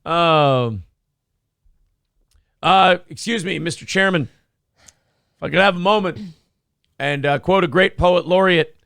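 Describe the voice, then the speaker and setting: A man with a high, gravelly voice and a sharp, bright edge hosts a comedy morning show. He riffs crudely and sarcastically, then slips into mock-solemn speechmaking. The sound is close and dry. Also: unhurried, pauses often, no room sound.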